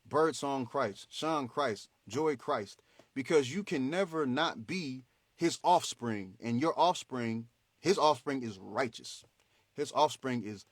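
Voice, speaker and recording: A man hosting a motivational faith talk, animated and preachy, in a slangy, conversational way. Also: mid-range voice, slow pace, no room sound. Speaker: host.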